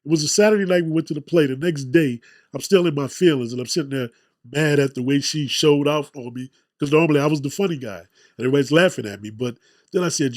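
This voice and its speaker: A man's voice: on the high side, fast, darkish tone, no room sound, clean studio sound. A man hosting a podcast interview, chatting and telling his own story with self-deprecating humor. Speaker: podcast host. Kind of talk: casual interview chat.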